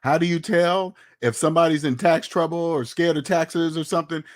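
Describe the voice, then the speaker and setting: A man with a slightly higher-than-usual pitch delivers casual, opinionated commentary about money. He talks bluntly, in a lecturing way, and keeps throwing rhetorical questions at his audience. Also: steady tone, brisk. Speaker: finance commentator. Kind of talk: casual opinionated talk to camera.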